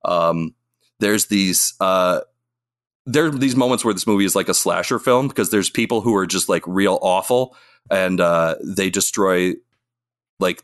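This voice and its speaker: This podcast co-host's voice sits low with a touch of brightness. Chatting casually, he rambles with enthusiasm about monster movies, performing lines as he goes.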